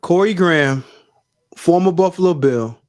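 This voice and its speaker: A man's voice: high voice, normal speed, darkish tone. A man co-hosting a casual show, teasing his friend in a playful, mock-serious way. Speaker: co-host.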